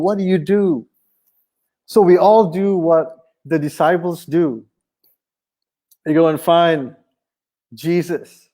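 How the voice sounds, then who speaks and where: High-pitched male pastor in his thirties, chatty and animated sermon style. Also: unhurried, pauses often. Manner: animated, conversational preaching with humor.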